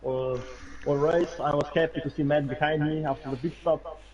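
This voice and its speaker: A man being interviewed after a race, who talks about it in halting, stop-start phrases. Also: fairly high pitch, fairly even intonation, a little mellow, highs cut off. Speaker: racing driver interviewed.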